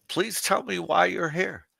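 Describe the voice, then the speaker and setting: A man hosts a livestream in a slow, unhurried drawl, heaping crude mockery on his targets and chuckling at his own jabs. His voice is gravelly and edged with a sharp, tense brightness, recorded close and dry. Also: high-pitched, steady tone, dry recording. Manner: crude, mocking, laughs at his own jokes. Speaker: livestream host. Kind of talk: unscripted livestream rant.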